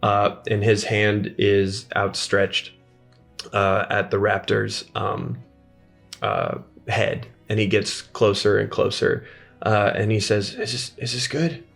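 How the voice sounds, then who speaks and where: A man narrating a tabletop game as game master, halting, with many fillers. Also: on the low side, level tone, vocal fry, a bit bright, faint music behind.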